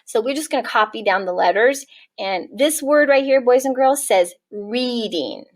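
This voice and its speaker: A kindergarten teacher woman with a fairly high, very lively voice guides small children through writing. She spells words out slowly and encouragingly, in a clear teacherly way. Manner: warm, encouraging, slow-spelling teacher talk. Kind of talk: early-years writing lesson.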